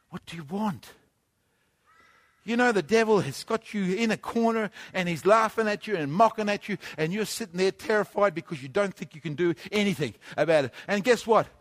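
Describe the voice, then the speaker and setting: A male preacher delivering an emphatic sermon, repeating phrases and often shouting. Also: high-pitched.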